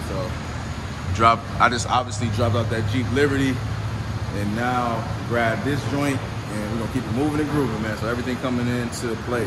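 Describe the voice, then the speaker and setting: A man casually vlogging at a car auction lot, speaking in a laid-back, slangy way and often calling out "man" and "y'all". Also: medium pitch. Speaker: used car dealer vlogger. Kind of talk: casual vlog chat. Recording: outdoor phone recording with noise. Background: cars and outdoor traffic noise.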